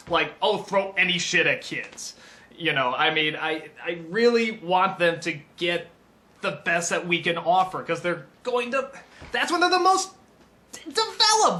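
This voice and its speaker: A man reviewing films in an impassioned unscripted rant. He is excitable, stammers and restarts, and swings between shouted outbursts and low mutters. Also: slight background noise. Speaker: film reviewer.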